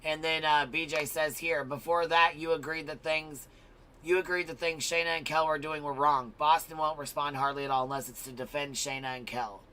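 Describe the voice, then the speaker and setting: A man's voice: fairly high pitch, steady tone, moderate pace, sharp tone, smooth. A man co-hosting a livestream, reading out viewers' chat comments.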